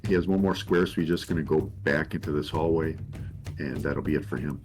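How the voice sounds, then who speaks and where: A man's voice: rumbling low, a little fast. A man playing a tabletop game, describing his moves in a hesitant way with lots of ums. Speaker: player.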